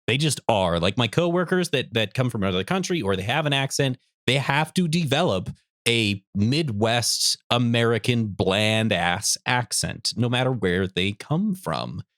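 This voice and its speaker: A man's voice: mid-range voice, expressive, a little slow, a bit bright, no echo, clean studio sound. A man co-hosting a podcast in casual chat, rambling, swearing and poking fun at himself. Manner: rambling, profane, self-mocking. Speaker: podcast co-host.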